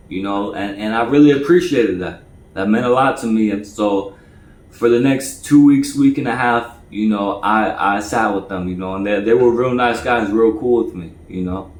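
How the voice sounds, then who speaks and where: A man casually telling a personal story, stammering and repeating words often. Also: normal speed. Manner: stammers and repeats words, acts out quoted voices higher and louder. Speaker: storyteller recounting his past. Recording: echoey room.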